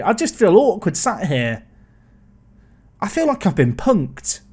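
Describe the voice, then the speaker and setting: A man's voice: high voice, wildly swooping pitch, a little slow, pauses often, dark tone, breathy edge. A man giving rambling, exasperated let's-play commentary while seated at his computer. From England. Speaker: gaming video creator.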